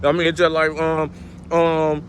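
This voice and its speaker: A man talking outdoors in a casual, motivational way, emphatic and a little preachy, with a voice pitched somewhat high for a man. He keeps circling back to the same phrases. Faint traffic noise sits behind him. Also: monotone, a little slow. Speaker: vlogger giving life advice.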